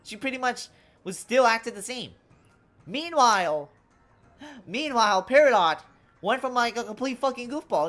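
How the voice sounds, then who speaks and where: A woman's voice: a little high, moderate pace. A young woman streaming a game live, ranting casually and profanely about characters and saying "bro" a lot. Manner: ranting, profane, animated, says "bro" often. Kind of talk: casual live-stream commentary while gaming.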